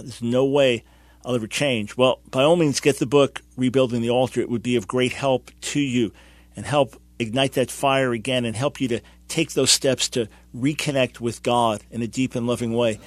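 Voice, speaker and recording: A man's voice: medium pitch, normal speed, dry recording. A man hosting a radio talk show, interviewing a guest and encouraging listeners directly.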